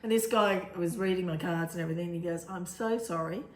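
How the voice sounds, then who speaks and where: A woman's voice: on the low side, steady tone, fast, darkish tone. A woman in casual chat as a co-host, rambling and laughing easily. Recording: echoey room with faint noise.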